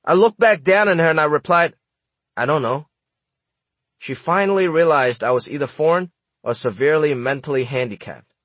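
A man's voice: fairly high pitch, brisk, a bit bright, no room sound. A man from Hong Kong reading his own memoir aloud in a wry, comic storytelling manner. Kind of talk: audiobook narration.

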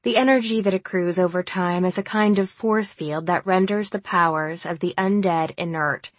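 A woman reads a first-person novel aloud in a measured, wry manner. Her voice sits on the lower side, and the recording is very dry and close, with no room sound. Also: steady tone, no room sound. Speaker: audiobook narrator.

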